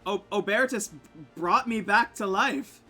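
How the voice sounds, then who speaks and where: A man's voice: sits high, a little slow, sharp tone, faint music behind, pitched above the performer's own voice, full character voice. A man voicing a grateful young male dwarf laborer who stammers nervously in a tabletop game. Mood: shaken.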